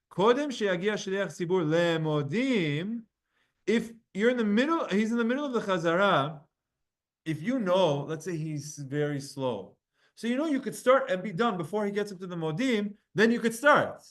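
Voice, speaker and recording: High-voiced man teaching a Talmud class. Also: fairly bright tone. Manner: explains texts, reading Hebrew and Aramaic aloud and translating with quick asides; speaks directly to students by name.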